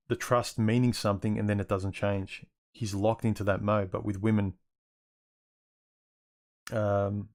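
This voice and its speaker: A man's voice: fairly low pitch, a little mellow. An Australian man hosting a livestream Q&A, reading viewer questions aloud and musing over his answers, often repeating words as he restarts.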